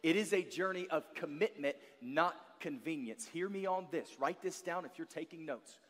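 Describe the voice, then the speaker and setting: High-voiced man preaching in a reverberant hall. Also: moderate pace. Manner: emphatic, building to loud peaks and dropping to quiet asides. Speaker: guest pastor. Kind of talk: sermon.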